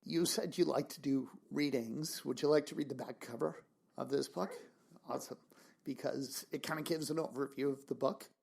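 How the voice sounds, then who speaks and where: A man's voice: medium pitch, fairly even intonation, moderate pace, vocal fry, a little mellow, slightly rough. A man interviewing an author, asking encouraging, friendly questions. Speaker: radio interviewer. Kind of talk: radio interview.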